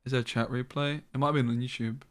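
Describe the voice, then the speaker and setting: A man's voice: mid-range voice, fairly even intonation, fast. A man streaming a card game, chatting casually with his viewers and laughing often. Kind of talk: casual live-stream commentary.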